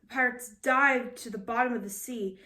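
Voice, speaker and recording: A woman reading a children's picture book aloud in a lively, expressive storytelling manner. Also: on the high side, moderate pace, distant mic. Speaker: storybook reader. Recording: roomy echo.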